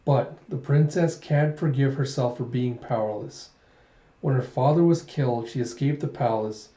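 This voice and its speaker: An easygoing former general, matter-of-fact and unhurried, read by a man. His voice is dark and mellow, and the room rings a little. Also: medium pitch, reverberant, muffled recording, close to an everyday voice. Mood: calm. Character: laid-back male former general, wry.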